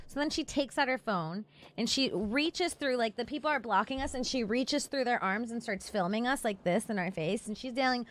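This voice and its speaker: A young woman telling a story in casual chat, animated, swearing freely and acting out shouted quotes. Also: a little high, moderate pace. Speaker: podcast host.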